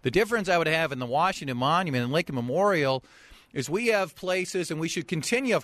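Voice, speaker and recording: High-voiced radio host, dry studio sound. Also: male voice, animated, fairly bright tone, dry recording. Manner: measured, interjecting, halting restarts. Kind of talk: call-in radio debate. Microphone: studio microphone.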